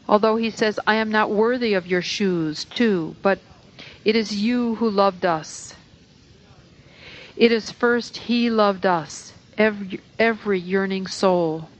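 A woman reading a spiritual talk aloud at a gathering, in a measured, earnest voice. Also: mid-range voice, dull audio.

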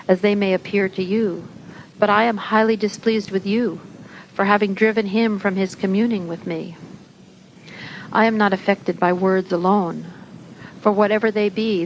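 The voice of God, patient and reproving, as a woman reads it aloud. The delivery is slow, measured and solemn at a middling pitch. Faint hiss rests behind it. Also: lightly acted, poor audio.

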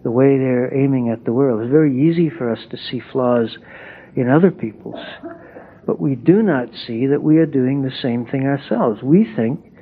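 A man giving a reflective spiritual talk, pausing thoughtfully as he reads and comments on passages. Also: mid-range voice, slight background noise. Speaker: satsang speaker. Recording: tinny phone-like sound.

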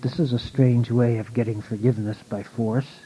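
A man voicing a kindly, patient old spiritual master in a read-aloud story, calm and softly amused. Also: mid-range voice, moderate pace, lightly acted. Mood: gently refusing. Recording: dull lo-fi recording.

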